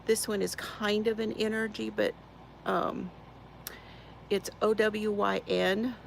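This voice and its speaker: A woman's voice: mid-range voice, little pitch movement, takes it slowly, vocal fry, a little hiss or hum, low-quality recording. A woman, hosting a casual crafting live stream from her chair at home, greeting viewers by name and laughing often. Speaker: crafting channel host.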